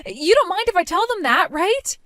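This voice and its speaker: Actress playing a self-absorbed bride, high lively voice, whiny and demanding, dry close sound. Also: female voice, moderate pace, no room sound, exaggerated voice. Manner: whiny, pleading, self-centered. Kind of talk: dramatized story voice acting.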